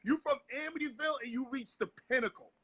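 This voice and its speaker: A male host running a casual interview, eager and quick to affirm his guest. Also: extremely high pitch, fairly bright tone, breathy edge, no room sound.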